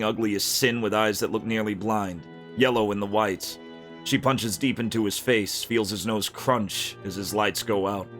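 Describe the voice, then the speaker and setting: A man reading a dark, violent fantasy story aloud in an unhurried, gritty narration. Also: fairly low pitch.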